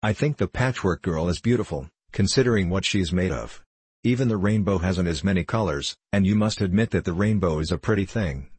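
Man reading sharp-tongued housewife, brisk, snappish, storybook, low husky voice. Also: no echo.

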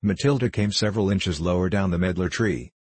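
A man reading a short story aloud in a measured, dryly ironic way. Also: deep voice, darkish tone, husky, dry recording. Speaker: narrator.

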